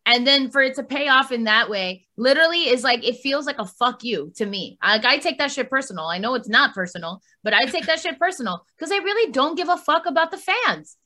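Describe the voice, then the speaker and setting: A woman's voice: high voice, a little fast, few pauses. A woman co-hosting a podcast, ranting in casual chat with lots of swearing. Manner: profane, animated ranting. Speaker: podcast co-host.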